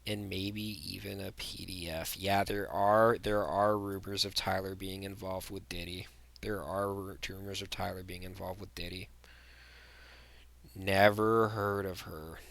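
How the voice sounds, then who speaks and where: A man's voice: deep voice, level tone, moderate pace, gravelly, a bit bright. A young man giving blunt, rambling tier-list commentary, full of fillers and restarts. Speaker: vlogger.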